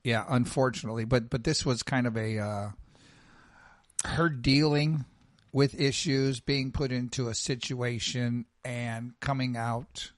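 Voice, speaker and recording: A man's voice: medium pitch, fairly even intonation, measured pace, no echo, clean studio sound. Chatty man co-hosting radio talk. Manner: chatty, stammering restarts. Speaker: radio show co-host. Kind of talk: casual sports and TV chat.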